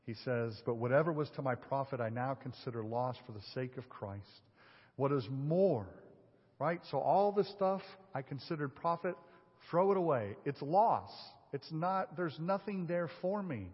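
Preaching to his congregation, a pastor fires off rhetorical questions and drops from loud emphasis to a hush. His husky, medium-pitched voice is animated and moderately paced, and the dull recording carries a long reverb through the sanctuary.

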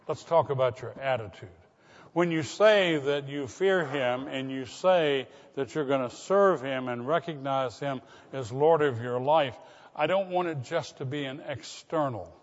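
A man's voice: mid-range voice, a little slow. An older man, a pastor delivering a sermon in an earnest way, asking his congregation direct questions. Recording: dull recording with long hall reverb.

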